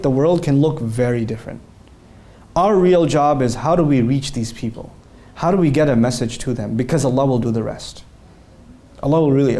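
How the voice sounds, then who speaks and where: A man's voice: medium pitch, warm tone. A man answering interview questions, speaking earnestly and animatedly and telling stories with quoted dialogue.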